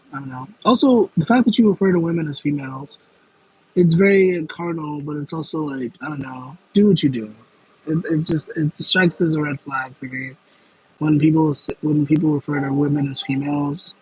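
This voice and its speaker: Young male streamer, casual comment-reading chat, rambling delivery, slightly husky tone. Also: on the high side, moderate pace, darkish tone, low-quality recording. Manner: rambling, self-aware, with frequent fillers and laughs. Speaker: livestream host.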